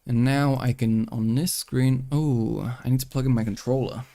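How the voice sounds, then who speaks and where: A man hosting a live stream in casual chat, playful and crude, jumping into sudden high-pitched exclamations. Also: fairly even intonation, moderate pace, creaky, mellow, dry recording. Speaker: livestream host.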